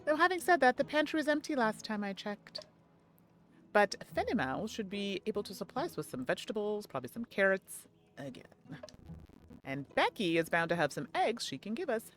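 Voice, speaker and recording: A woman's voice: mid-range voice, sing-song, brisk, lightly acted. A woman voicing a friendly, slightly hesitant young helper welcoming a newcomer.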